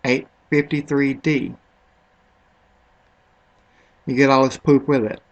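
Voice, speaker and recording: A man's voice: mid-range voice, level tone, moderate pace, highs cut off. A man talking casually and a little ramblingly over a product comparison, unsure of some words as he goes. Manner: offhand, rambling, unsure of pronunciations. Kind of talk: casual screen-recorded commentary.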